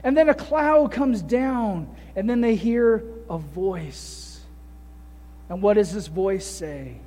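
A male preacher with a very high voice leads a sermon, telling the story with animation and asking his listeners one rhetorical question after another. The sound rings out with a long echo, as in a big hall. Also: lively intonation, slow, dark tone. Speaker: pastor.

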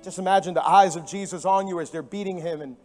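A pastor with a strikingly high voice for a man preaches in a church, telling his story with big swings from emphatic, near-shouted lines to quiet, hushed ones. He repeats key phrases for stress, and faint music plays softly behind his mic'd voice. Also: quick pace. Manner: animated storytelling with sudden drops to hushed tones. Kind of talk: sermon. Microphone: microphone.

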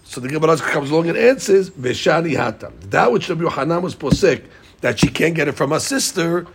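A middle-aged man teaching a Talmud class in an animated way, repeating words and mixing in Hebrew and Aramaic terms. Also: a little high, brisk, gravelly, slight background noise.

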